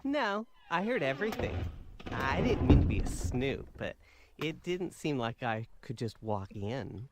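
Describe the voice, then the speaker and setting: A woman's voice: rumbling low, big pitch swings, a little slow, noisy background, full character voice. A woman voicing a whiny, bratty young boy in a video game.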